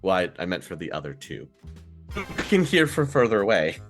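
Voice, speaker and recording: A man narrating a tabletop role-playing game as game master, relaxed and quick to laugh. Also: deep voice, soft background music.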